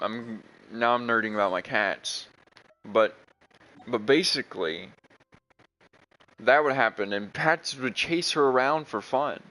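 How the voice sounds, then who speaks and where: A man's voice: on the low side, pushed and bright, rough recording. A young man chatting casually while playing a video game, rambling with many restarts. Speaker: gaming streamer.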